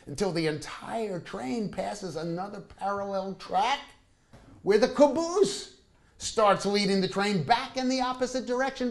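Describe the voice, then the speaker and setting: Animated, slow-paced male storyteller. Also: high-pitched. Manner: wry, animated, comic asides. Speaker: storyteller reading travel stories. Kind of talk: live storytelling reading. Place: small live performance venue.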